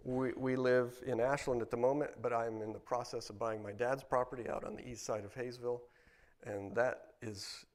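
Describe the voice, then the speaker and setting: A middle-aged man from Ohio giving a personal testimony at a church service, rambling with restarts and fillers, and growing animated at exciting moments. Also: mid-range voice, moderate pace. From Ohio, United States. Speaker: guest speaker at church service.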